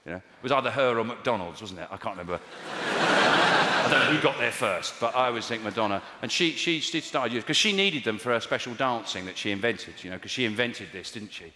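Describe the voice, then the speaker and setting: A stand-up comedian with a medium-pitched, animated, fairly quick voice performs a wry, rambling routine in a large theatre full of people. He puts on silly voices, speaking into a stage microphone. The live hall sounds echoey, with background noise and loud audience laughter.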